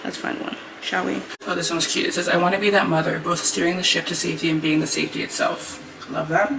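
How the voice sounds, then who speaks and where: Gravelly-voiced young woman gushing over books. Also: lowish voice, fairly even intonation, quick pace, background noise. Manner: bubbly, gushing, filler-heavy with frequent "like". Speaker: book vlogger. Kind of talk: casual reading vlog chat.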